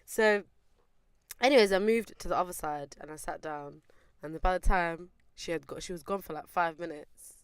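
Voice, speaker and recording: A young woman, telling a lively story on a casual podcast and acting out the people in it. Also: on the low side, moderate pace, clear, resonant tone, dry recording. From England. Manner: animated, mimics people in her story. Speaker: podcast host.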